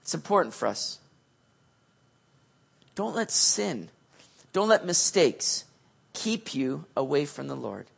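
A male pastor preaching a sermon in a casual, animated, slangy way, swinging between loud and soft. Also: fairly high pitch, takes it slowly, gravelly, long pauses, breathy edge.

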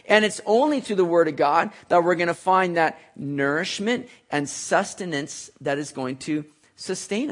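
A man's voice: high-pitched, fairly bright tone. A man preaching a conversational sermon, explaining scripture and joking with the congregation by name. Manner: conversational, jokes with listeners, writes on a board. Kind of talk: sermon teaching.

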